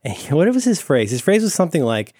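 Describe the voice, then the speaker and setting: A man talking on a podcast over an internet call, his voice rising and falling in a lively, wandering way. He rambles, restarts his sentences, and slips into joking voices now and then. The sound is close and dry. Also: a little high, fast talker, no echo. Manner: rambling, self-interrupting, playful silly voices. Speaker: podcast guest. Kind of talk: casual podcast chat. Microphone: remote call mic.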